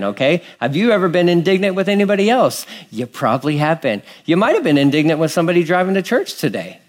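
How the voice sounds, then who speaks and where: Animated pastor preaching a sermon. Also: male voice, on the high side. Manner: animated, acts out quoted voices, shifts between loud and hushed.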